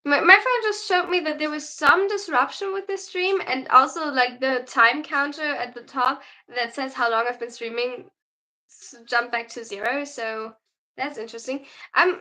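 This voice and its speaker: Her voice is high, bright, and forceful, moving at a moderate pace, as this tired young German woman chats casually with her livestream audience. A non-native English speaker with a German accent, she reads out comments and replies to each.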